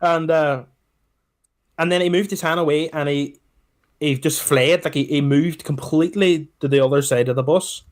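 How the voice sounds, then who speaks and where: A man with a Scottish accent, co-hosting a podcast and telling a travel story in casual, animated chat that is peppered with swearing. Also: fairly high pitch, moderate pace. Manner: animated storyteller, swears, repeats "let me tell you something". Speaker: podcast co-host.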